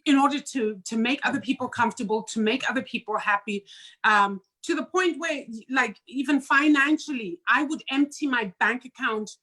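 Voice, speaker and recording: A woman joins a casual podcast conversation. Her voice is high and bright, and her talk is chatty and easygoing. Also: moderate pace. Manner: chatty, laughs easily.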